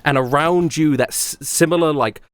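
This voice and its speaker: A man running a tabletop game as game master, narrating in an animated, rambling way. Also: on the high side, normal speed, clean tone, dry recording, clean studio sound.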